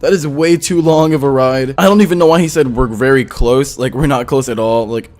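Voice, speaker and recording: A man narrating a story as a gaming YouTuber, indignant and excitable as he retells chat messages. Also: mid-range voice, brisk, faint music behind.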